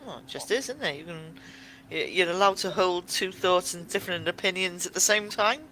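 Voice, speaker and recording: A woman's voice: lowish voice, fairly quick, sharp tone, a little hiss or hum, poor audio. A woman chatting casually, chipping in with brief, cheerful remarks. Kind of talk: casual chat.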